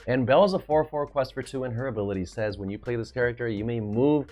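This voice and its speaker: Excitable man reviewing card game decks. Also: medium pitch, fast, soft background music. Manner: excitable, hype-filled, often trails off and restarts. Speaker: card game video host. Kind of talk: casual deck review commentary.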